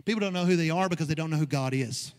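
A man's voice: a little high, very fast. A man preaching a sermon as pastor, building to emphatic peaks. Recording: long reverb of a hall.

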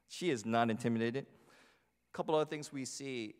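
A male pastor preaches in a loose, chatty way and keeps asking the congregation questions. His voice rings with a long reverb through a large church sanctuary. His pitch sits in the middle for a man. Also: moderate pace. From New Jersey. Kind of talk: conversational sermon.

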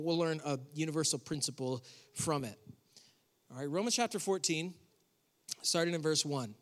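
A man's voice: sits high, sharp tone, big-room sound. A man preaching a sermon as pastor in a church, conversational and joking, with sarcastic asides. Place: church hall.

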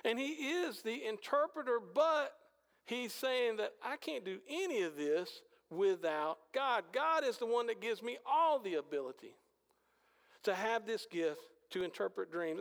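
A man preaching a sermon with animated storytelling and rhetorical questions, in a large church hall. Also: sits high, creaky. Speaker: pastor. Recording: long hall reverb.

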